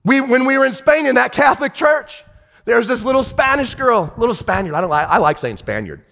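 A man pastor preaching with a high, ringing voice. He swings from shouted, stern rebukes down to near-whispered, tender storytelling. His voice trails off into a long reverb, as in a large hall. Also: lively intonation, fairly quick, vocal fry. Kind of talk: sermon.

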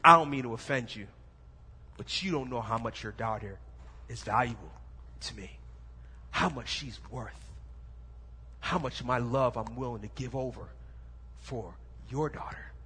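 A man doing a stammering young prince. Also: bright, forceful tone. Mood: firm. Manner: shifts from stammering to deep, firm and slow. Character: young male prince, nervous turned bold suitor. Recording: echoey hall, faint room noise.

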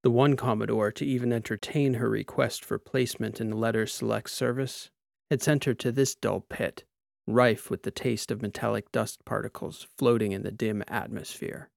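Brief: man narrating fiction, measured pace, gravelly tone, dry close sound. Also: on the low side, steady tone, dry recording. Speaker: audiobook narrator. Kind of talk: scripted narration.

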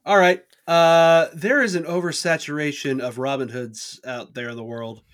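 A man's voice: fairly high pitch, fairly even intonation, normal speed, a bit bright. Easygoing joking male co-host. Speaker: podcast co-host. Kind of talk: casual chat.

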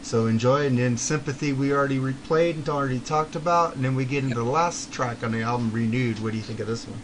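A man talks casually through a rock album, track by track, chatty and quick to laugh. His voice sits at an ordinary middle pitch. A steady hiss of noise runs under the recording. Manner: chatty, laughs often, quotes people in passing. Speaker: podcast co-host.

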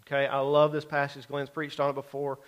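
A man's voice: mid-range voice, completely flat delivery, brisk, highs cut off. A middle-aged man preaching a sermon in a conversational way, often checking in with his listeners. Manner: conversational, keeps checking in with the congregation. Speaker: pastor.

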